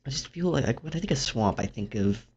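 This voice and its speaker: A man's voice: lively intonation, fast, a little mellow, a little hiss or hum. A young man commentating his own gameplay in a dry, rambling, self-mocking way. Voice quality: low gravelly voice. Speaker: gaming YouTuber. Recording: dull lo-fi mic.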